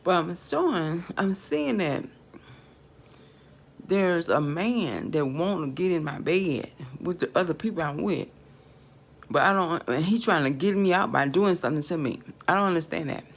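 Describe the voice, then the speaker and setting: Gravelly woman ranting profanely. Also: lowish voice, expressive, moderate pace. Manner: profane, swings from quiet muttering to shouting. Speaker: vlogger. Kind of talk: rambling online monologue.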